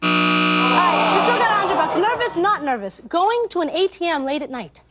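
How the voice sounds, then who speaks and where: Bubbly high-voiced female game show host. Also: sing-song, very noisy. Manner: speaking in a put-on English accent; bubbly, quick quips to contestants. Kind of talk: upbeat game show hosting. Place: TV studio with live audience. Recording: loud studio music and audience.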